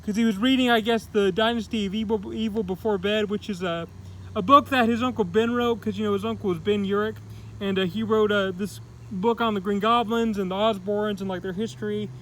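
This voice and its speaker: A man's voice: sits high, steady tone, fairly quick, a little hiss or hum, rough recording. A man giving a casual, rambling comic book review, full of "like" and "kinda". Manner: rambling, heavy use of "like" and "kinda".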